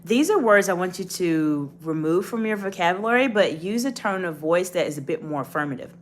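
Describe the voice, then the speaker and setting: A woman with a lowish voice and lively intonation delivers a leadership coaching lesson straight to camera, speaking briskly in an encouraging, instructive way. There's slight background noise.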